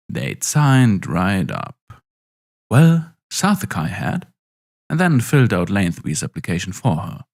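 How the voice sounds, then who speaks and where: A man narrating a story in a wry, expressive way. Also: mid-range voice, vocal fry.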